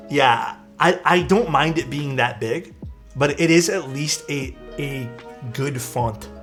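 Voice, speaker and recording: A man casually chatting as a live streamer while building a keyboard, rambling and relaxed, often saying "dude". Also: mid-range voice, slow pace, faint music behind. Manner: laid-back, rambling, peppered with "dude" and "like".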